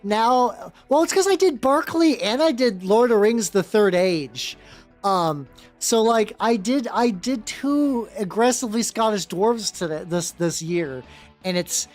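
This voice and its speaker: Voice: mid-range voice, expressive, a little slow, a little mellow. A streamer chatting live on a game stream, rambling through stories and greeting viewers by name. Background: faint background music.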